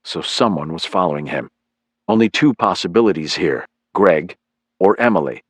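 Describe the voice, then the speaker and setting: Male audiobook narrator, low-pitched, lively delivery, very dry close mic. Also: moderate pace, husky, dry recording. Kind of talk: scripted narration.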